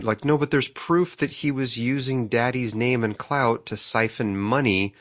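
A man's voice: medium pitch, unhurried, a bit bright. A man in a casual political chat, blunt and emphatic, swearing freely.

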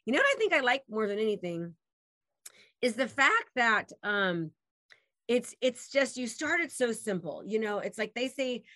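A woman hosts a casual interview over a video call, bubbly and full of praise for her guest. Her voice is bright and sharp. The sound is dry and close, with no room echo. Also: on the high side, sing-song, normal speed. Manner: enthusiastic, effusive. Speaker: host.

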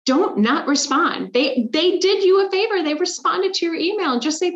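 A woman guest on a podcast, telling animated, emphatic stories about sales with exasperated asides. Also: extremely high pitch, normal speed, hardly any pauses, dull audio. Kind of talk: casual interview chat.

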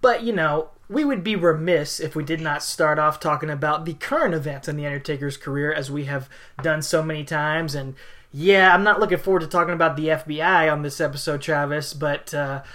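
A woman's voice: low voice, brisk, fairly bright tone. Playful, wordy woman podcast host. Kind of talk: casual podcast chat.

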